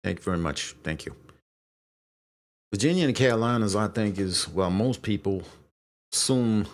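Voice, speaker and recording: A man's voice: fairly low pitch, animated, moderate pace, some chatter behind, slight background noise. A man hosting a casual live stream, rambling, swearing and apologizing as he loses his train of thought. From Brooklyn, New York. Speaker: streamer host.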